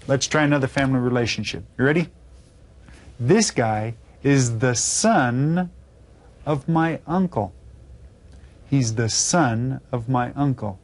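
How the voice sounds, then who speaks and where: A man teaching a video Spanish lesson to children, patiently spelling words out letter by letter. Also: medium pitch.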